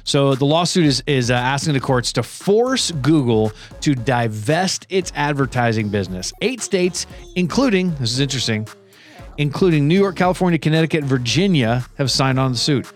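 A young man co-hosts a casual podcast, reading news items aloud before joking about them. His pitch swings widely as he talks, with faint music underneath. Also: lively intonation, normal speed. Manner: reads news items aloud then jokes. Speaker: podcast co-host. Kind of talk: casual chat.

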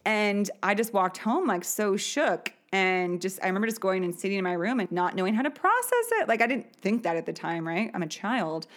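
A woman's voice: medium pitch, very animated, brisk, few pauses. A woman in her thirties hosting a podcast, telling a personal story in a candid, chatty way, laughing now and then. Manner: chatty, candid, often laughing, many fillers. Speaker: podcast host.

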